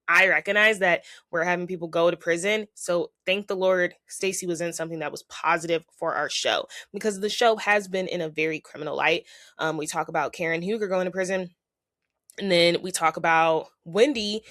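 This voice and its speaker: A woman's voice: fairly low pitch, a bit bright, dry recording, clean studio sound. A woman hosting a podcast, talking in a chatty, opinionated way with lots of fillers. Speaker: podcast host. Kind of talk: casual chat.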